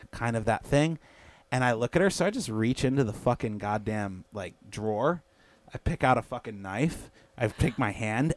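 A man's voice: mid-range voice, dry recording. A young man, a podcast co-host, telling a story in casual chat, swearing often and acting out the quotes. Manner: swears a lot, animated, acts out quotes.

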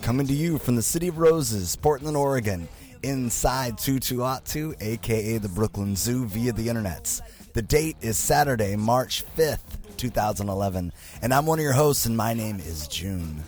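A male podcast host with a raspy, sick voice from the flu, rambling through self-mocking stories in casual chat. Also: medium pitch, animated, normal speed, darkish tone, soft background music.

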